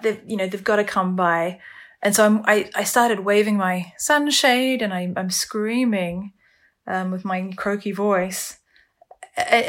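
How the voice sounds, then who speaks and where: A woman telling her own story on a podcast, halting and emotional, with many restarts. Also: mid-range voice, fairly bright tone. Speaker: storyteller recounting her ordeal. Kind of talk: candid first-person podcast testimony.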